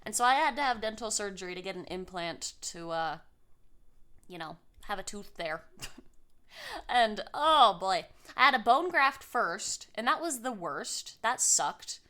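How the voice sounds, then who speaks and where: A woman's voice: mid-range voice, lively intonation, a little slow, bright, forceful tone. A woman streamer chatting casually on a live stream, bubbly and giggly, cooing baby talk at her cats.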